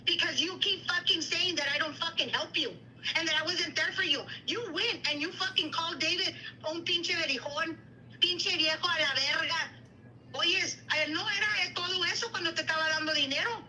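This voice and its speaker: Indignant high-voiced woman. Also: bright, forceful tone, a little hiss or hum, low-quality recording. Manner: indignant, rapid retelling with quoted dialogue, mixes Spanish. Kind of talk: heated livestream chat.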